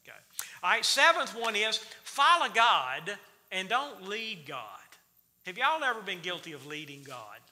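Male church teacher, sharp ringing tone, folksy Bible-study delivery, echoing sanctuary. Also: high-pitched, big pitch swings, a little slow. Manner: folksy, quizzes the congregation with questions. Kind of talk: Wednesday night Bible study sermon. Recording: reverberant church hall.

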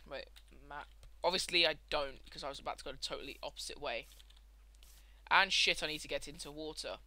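A man's voice: a little high, a little fast. A young man with a sweary, ranting manner, commenting casually while he plays a game. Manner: swears a lot, ranting, excitable outbursts. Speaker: gameplay commentator.

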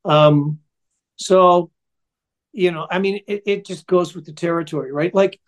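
Older male musician guest, high-pitched, loves to ramble through anecdotes. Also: unhurried. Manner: chatty, rambling storyteller. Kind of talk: casual interview storytelling.

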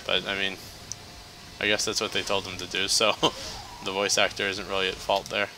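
A man's voice: deep voice, monotone, normal speed, rough recording. A man giving casual, joking let's-play commentary as he plays, chatty and laughing often. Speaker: gameplay commentator.

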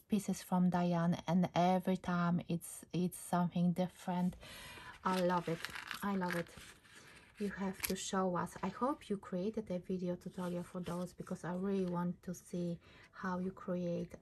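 A woman's voice: fairly low pitch, a little mellow, a little hiss or hum. A woman hosting her craft channel, chatting casually and gushing about a handmade card she received. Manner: gushing, repeats "I love". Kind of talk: casual chat opening mail.

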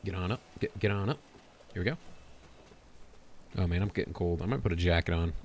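A man's voice: deep voice, fairly quick, darkish tone, slight background noise. A man streaming a video game, chatting to himself in a goofy, joking way. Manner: goofy, self-talking, laughs at his own jokes. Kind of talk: casual gameplay commentary.

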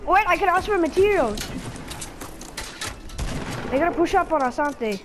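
A gaming channel host gives frantic live gameplay commentary in a very high-pitched, lively voice at normal speed, pleading again and again. Loud game gunfire and sound effects sit under her voice, adding background noise.

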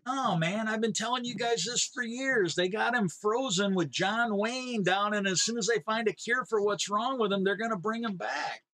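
A man voicing a wild-eyed, excitable male conspiracy nut from a movie, ranting in disbelief. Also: sits high, normal speed, hardly any pauses, dry recording, pitched above the performer's own voice. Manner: ranting, incredulous.

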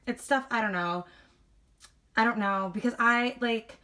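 Here a young woman with a fairly high, sharp-toned voice speaks a bit slowly in a casual vlog about her wax collection. Slightly breathless, she chats and rambles with plenty of fillers and self-deprecating remarks.

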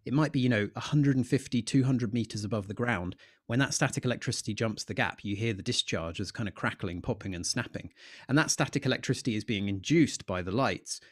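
An astronomer guest fields questions in a live Q&A, speaking at medium pitch in a dry, studio-quality recording. His explanations are enthusiastic and story-driven, peppered with frequent fillers.

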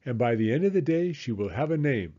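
A man's voice: mid-range voice, very animated, a little fast, dark tone, muffled recording. A man reading aloud, voicing a firm but reassuring mother of a new baby. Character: patient, firm mother of a newborn.

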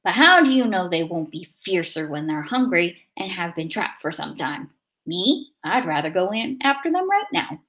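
A woman's voice: on the low side, sing-song, moderate pace, a bit bright. Impatient guard man, a woman reading him, eager, storybook.

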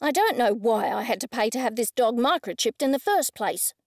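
A woman's voice: a little high, animated, a little fast, no room sound, studio quality. A woman voicing a snappish, demanding dog owner. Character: rude overbearing middle-aged woman dog owner.

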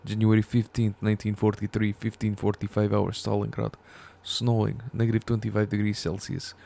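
A man's voice: fairly low pitch, monotone, a little fast, creaky, dark tone. A man voicing a young male Soviet soldier reading his war journal aloud in a put-on Russian accent. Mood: solemn. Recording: gunfire and game noise behind.

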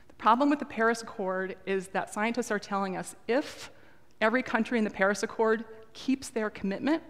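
A woman giving an earnest, conversational talk to a church congregation, pausing with frequent ums. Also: medium pitch. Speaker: lay speaker at a church service. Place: church sanctuary. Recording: long reverb of a large hall.

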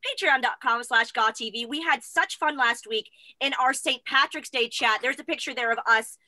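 A woman's voice: high voice, bright, forceful tone, no room sound. A woman co-hosting a casual talk show, bubbly and chatty, calling herself the crier of the group. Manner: bubbly, chatty, quick to tears. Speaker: co-host. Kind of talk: casual chat.

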